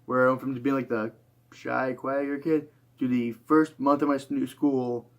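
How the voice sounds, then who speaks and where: A man's voice: medium pitch, flat delivery, moderate pace. Tired young man, rambling. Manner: rambling with many fillers and restarts. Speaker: YouTuber. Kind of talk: reflective casual monologue.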